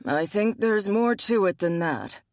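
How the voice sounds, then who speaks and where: A man's voice: high voice, lively intonation, a little slow, dry recording. An audiobook narrator voicing a wry, teasing male bear-shifter hunter with a dry, needling manner, in a dry recording.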